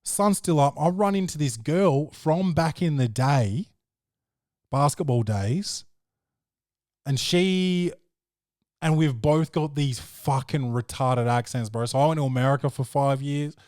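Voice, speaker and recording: A man's voice: on the high side, a little slow, darkish tone, dry recording. A podcast host with a slightly raised voice, spinning loose, profane anecdotes. He tells them off the cuff and keeps tossing in "bro". The sound is dry and close. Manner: rambling, profane storytelling, peppered with "bro". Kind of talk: casual chat.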